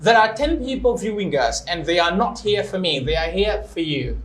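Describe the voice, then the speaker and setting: Speaking at normal speed in a high, expressive, fairly bright voice, this young English teacher hosts a live-streamed interview show. He's chatty and playful, breaking off to illustrate pronunciation with examples, while an echoey room and faint noise color the audio.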